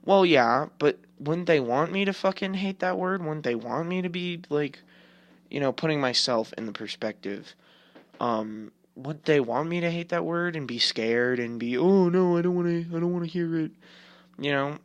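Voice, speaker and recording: A man's voice: a little high, normal speed, no echo, muffled recording. A man in his twenties hosting a podcast, ranting casually with a rambling, profane delivery full of filler words. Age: 20s. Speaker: podcast host. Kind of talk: casual opinion rant.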